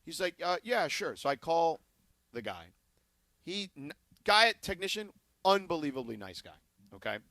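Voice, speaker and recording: A man on a radio studio mic tells a story with animated flair, playing out both sides of a conversation. His voice sits fairly high and sounds bright and forceful. The sound is close and dry. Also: normal speed, pauses often, no room sound. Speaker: radio sports talk co-host. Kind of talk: casual radio talk storytelling. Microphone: studio broadcast mic.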